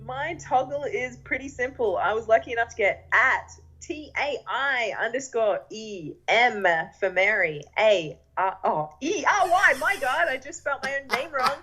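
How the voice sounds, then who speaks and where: A woman's voice: fairly high pitch, lively intonation, moderate pace, few pauses, sharp tone, slightly rough. A woman in her thirties with an Australian accent, chatting casually as a podcast guest and laughing at herself. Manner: chatty, laughs easily, self-mocking.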